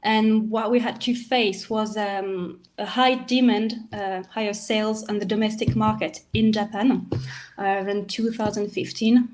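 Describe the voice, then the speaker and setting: A woman from France with a French accent, presenting a whisky over a video call in a relaxed, informative way. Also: medium pitch, unhurried. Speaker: whisky brand representative. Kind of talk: casual explanation.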